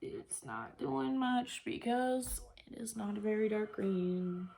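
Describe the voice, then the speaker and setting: A woman's voice: mid-range voice, takes it slowly, creaky, dark tone. A woman makeup vlogger chatting casually to herself while she works, rambling and thinking aloud.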